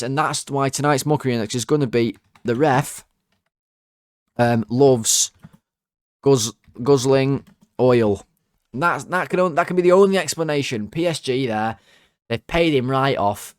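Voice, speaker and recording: Young male fan-channel host, exasperated, sweary, close dry mic, middling pitch. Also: a little slow, no echo. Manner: exasperated, swears, jumps to high excited pitch when worked up. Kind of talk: casual ranting commentary.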